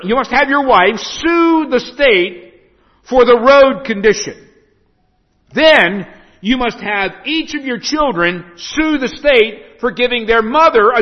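A man doing a pompous high-powered lawyer. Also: animated, slow pace, full character voice. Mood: smug. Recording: dull echoey hall recording.

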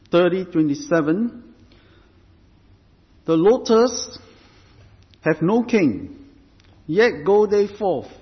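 A man preaching a sermon as pastor, deliberate and emphatic, stressing points through repetition. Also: fairly high pitch. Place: church. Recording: reverberant hall, dull lo-fi sound.

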